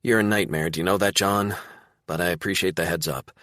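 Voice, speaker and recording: A man voicing a tough, no-nonsense woman police detective who speaks firmly and briskly in an audiobook. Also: low-pitched, steady tone, a bit bright, dry recording, clean studio sound. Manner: firm, brisk.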